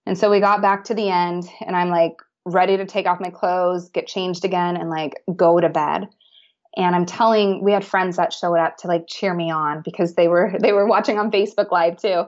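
Lowish voiced woman guest rambling through a story, lots of likes, muffled lo-fi sound. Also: fairly even intonation, normal speed. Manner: chatty, many fillers and restarts. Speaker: podcast guest. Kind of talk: casual storytelling.

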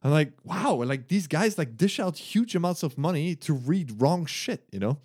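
Laughing, animated man chatting. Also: fairly high pitch, moderate pace, breathy edge. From Germany. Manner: laughing, swearing, animated storytelling with acted-out quotes. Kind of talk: casual chat.

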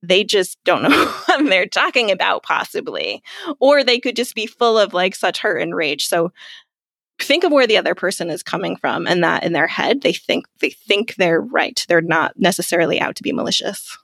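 A woman appears as a guest on a casual interview, speaking as a clarity coach in a chatty way with lots of fillers and frequent laughter. Her lowish voice is gravelly, a bit bright, and sing-song at a normal speed. The recording is dry and of studio quality.

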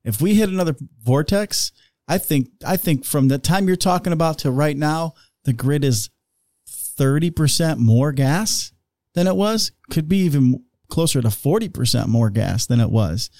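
A man co-hosting a casual podcast chat, chiming in with quick jokes and opinions. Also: a little high, lively intonation, a little mellow, no room sound, studio quality. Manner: joking interjections, quick quips. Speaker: podcast co-host.

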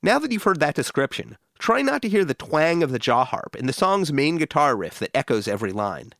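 A man hosting a music history podcast, reading scripted documentary narration in a measured, informative way. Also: fairly high pitch, big pitch swings, creaky.

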